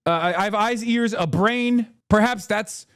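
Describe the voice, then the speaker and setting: A man's voice: high-pitched, measured pace, a bit bright, clean tone, voice pushed up. A man voicing a sneering, mock-innocent man who feigns outrage in a taunting, sing-song way.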